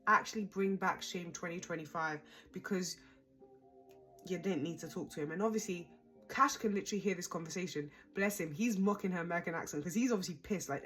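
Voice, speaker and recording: A woman's voice: fairly low pitch, fairly bright tone. A young woman casually recapping a reality show, chatty, dramatic and exasperated.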